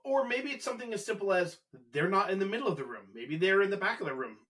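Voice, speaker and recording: A man's voice: sits high, expressive, fast, a bit bright. A man co-hosting a casual podcast, chatting agreeably and offering practical examples. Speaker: podcast co-host.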